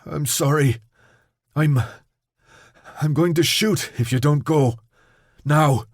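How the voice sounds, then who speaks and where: A man voicing a desperate young man who is losing control, strained and pleading as he shouts orders. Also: a little high, slow, no echo, studio quality, pitched above the performer's own voice. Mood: anguished.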